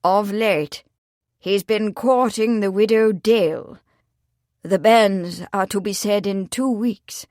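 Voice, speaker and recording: A woman voicing a soft-hearted male village vicar who talks in a hesitant, troubled, muttering way. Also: mid-range voice, slow, no echo, clean studio sound, close to an everyday voice.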